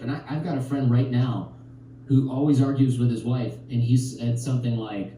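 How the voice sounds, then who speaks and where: A man's voice: medium pitch, normal speed, heavy reverb, distant mic, slight background noise, low-quality recording. A man talking on a podcast, telling relationship stories and acting out the lines of other people. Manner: animated storytelling, acts out quotes. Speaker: podcast guest. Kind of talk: podcast conversation.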